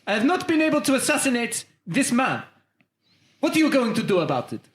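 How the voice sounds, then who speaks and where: A pompous French hitman on a phone call, as a man puts him on, complaining in stiff, formal broken phrases. His voice sits high, and the room gives it an echoey ring. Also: sing-song, brisk. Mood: indignant. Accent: put-on French. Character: indignant French male would-be assassin caller. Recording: roomy echo.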